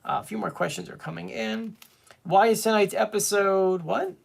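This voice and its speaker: A man's voice: high-pitched, normal speed, gravelly. A man hosting a casual live stream, chatting and reading viewer comments aloud. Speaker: fan show host.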